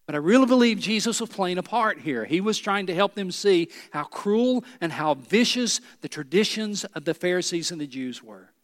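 A male pastor with a high-pitched voice delivers a sermon with dramatic pauses. His voice sinks low and quiet on key words, and it rings with a long hall reverb. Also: lively intonation. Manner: preaching with dramatic pauses, dropping low and soft for emphasis.

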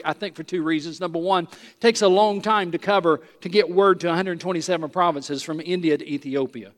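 A man preaching an expository sermon in an animated, emphatic, conversational teaching manner. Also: high voice, a little fast, in a large hall.

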